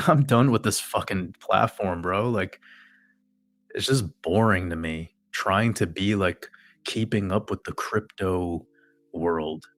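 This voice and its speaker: A man's voice: deep voice, takes it slowly, dry recording, faint music behind. A man host ranting in profane, sarcastic casual talk to a live chat audience. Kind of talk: casual rant to a livestream chat.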